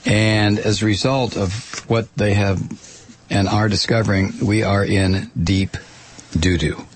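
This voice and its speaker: A man's voice: fairly low pitch, fairly even intonation, slow, a little hiss or hum. A man giving an informal spoken commentary, wry and sardonic, with offhand asides.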